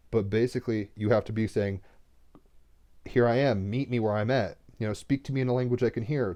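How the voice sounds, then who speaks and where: A young man with a low, mellow voice talks on a home livestream about cards and the cosmos. He rambles earnestly, full of "like" and "right?", his voice sometimes catching as he gets teary. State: tearful, getting emotional. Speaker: tarot card reader. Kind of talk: casual spiritual livestream talk.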